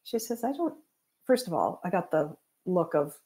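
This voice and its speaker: A woman's voice: fairly low pitch, big pitch swings, normal speed, warm tone. Chatty woman telling anecdotes. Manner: chatty anecdotes with laughs and acted quotes. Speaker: guest, psychic medium. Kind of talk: casual storytelling chat.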